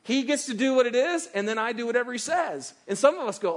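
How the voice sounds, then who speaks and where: A middle-aged man preaching a sermon as pastor, animated and acting out quoted voices as he speaks. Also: very high voice, quick pace, few pauses. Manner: animated, acts out quoted voices of God and listeners.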